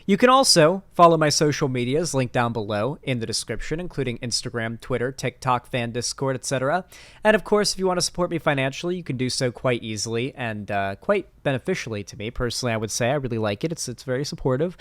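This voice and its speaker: A man's voice: medium pitch, lively intonation, fast talker, fairly bright tone, no echo. A young man hosting a political commentary channel, talking in a blunt, mocking, profane manner. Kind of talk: casual online commentary.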